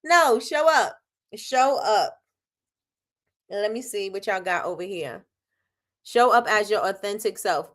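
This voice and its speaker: A middle-aged woman hosting a casual motivational live stream from her soap business. She talks with lively energy, repeats her points and often laughs. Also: mid-range voice. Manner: energetic, repetitive, preachy, laughs a lot. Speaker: live show host, soap business owner.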